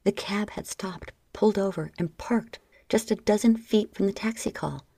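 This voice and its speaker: A woman reading an erotic story aloud as audiobook narration, often sinking into a soft whisper. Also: mid-range voice, moderate pace, creaky, husky, no room sound. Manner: soft, frequently dropping into whispers.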